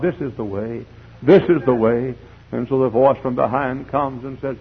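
A man preaching a fiery sermon in church, swinging from hushed pleading to shouting. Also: mid-range voice, moderate pace, vocal fry, breathy edge. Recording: dull lo-fi tape recording.

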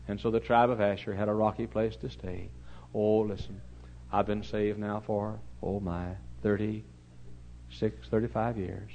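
A middle-aged man with a Texan accent, preaching a folksy, humorous storytelling sermon that swings from loud to hushed. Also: on the low side, little pitch movement, unhurried, dull audio, slight background noise.

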